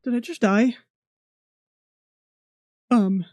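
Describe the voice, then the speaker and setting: A woman's voice: on the high side, drawn-out words, darkish tone, no echo. A woman hosting a horror game playthrough, reacting nervously and talking to herself as she plays. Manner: jumpy, nervous, talks to herself. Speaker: gaming channel host.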